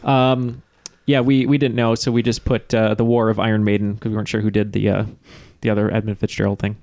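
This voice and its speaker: A man's voice: on the low side, level tone, a little fast, a little mellow, dry recording. A man co-hosting a trivia podcast, talking in a rambling way with many filler words and jokes. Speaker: podcast co-host. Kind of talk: casual trivia podcast chat.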